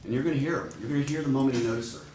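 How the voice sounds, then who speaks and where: A man giving a prosecutor's opening statement to a jury, speaking deliberately and straight to the jurors. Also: mid-range voice, darkish tone, a little hiss or hum. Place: courtroom. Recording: echoey courtroom audio.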